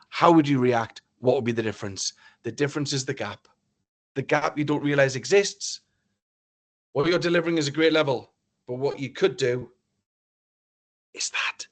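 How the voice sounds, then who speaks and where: Animated storytelling male keynote speaker. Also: medium pitch. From northeast England. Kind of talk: motivational storytelling talk.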